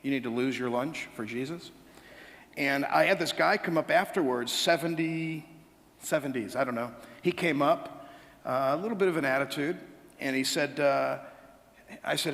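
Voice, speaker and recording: Male pastor, slightly high voice, joking sermon style, long church-hall reverb. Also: moderate pace. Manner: humorous storytelling, animated asides to congregation. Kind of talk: sermon with anecdotes. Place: church sanctuary.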